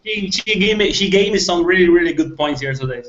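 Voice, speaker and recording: A man's voice: high-pitched, lively intonation, fairly quick, a bit bright, slight background noise. A man joining a live online Q&A as a guest, talking earnestly and repeating short agreements. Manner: earnest, repeats 'yeah' and 'very good'. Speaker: guest caller. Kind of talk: casual chat. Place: online video hangout. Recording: dull lo-fi video call audio.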